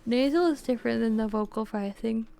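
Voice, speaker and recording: A young woman talks casually to her live-stream viewers, wandering through explanations with constant "like"s and false starts. Her voice is very smooth and crisp, with a gravelly fry underneath. The sound is close and dry. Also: on the high side, brisk, mellow, no room sound. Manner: rambling, heavy use of "like", explains with restarts.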